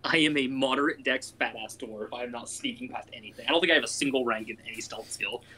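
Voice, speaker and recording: A man's voice: mid-range voice, fast talker, sharp tone, slight background noise. A man playing in a tabletop game who jokes in a dry way. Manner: dry, jokey. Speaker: player. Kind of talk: casual tabletop game play.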